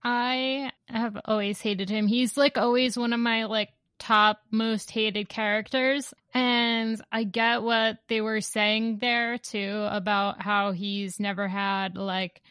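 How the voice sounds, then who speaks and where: Slow, bright-voiced giggly woman. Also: a little high, flat delivery, smooth, no echo. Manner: giggly, enthusiastic, swears freely. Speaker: comic book podcast co-host. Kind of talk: casual chat.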